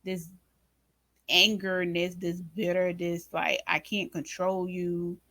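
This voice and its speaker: Slow-talking woman recapping a drama episode. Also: fairly low pitch, dry recording. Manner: animated, talks to viewers as "y'all" and "baby"; acts out her own reactions in quoted asides. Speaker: reaction channel host. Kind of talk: casual recap commentary.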